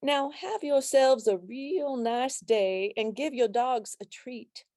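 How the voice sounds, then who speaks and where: A woman reading a humorous poem in a put-on Louisiana accent, voicing a country man writing a complaint letter with a slow, drawn-out delivery. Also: sits high, mellow, dry recording, clean studio sound, pitched above the performer's own voice. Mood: wry.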